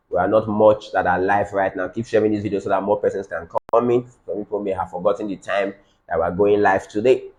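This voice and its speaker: Male business trainer on a live stream, lowish voice, hammers points home by repeating them. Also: warm tone. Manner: repetitive, emphatic, repeats key phrases. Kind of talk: live-streamed teaching session.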